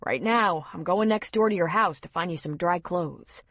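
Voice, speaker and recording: A woman voicing a calm man who gently reassures a frightened friend. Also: high-pitched, moderate pace, no room sound, studio quality. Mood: soothing. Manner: soothing, gentle.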